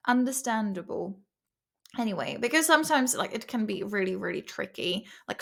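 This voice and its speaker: A woman's voice: on the high side, a bit bright. A woman hosting a casual study-along vlog, playful and rambling, sounding out words over and over. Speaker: vlog host studying vocabulary.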